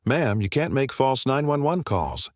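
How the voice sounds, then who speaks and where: A man voicing a calm, firm police officer. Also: mid-range voice, a little slow, no echo, clean studio sound, pitched above the performer's own voice.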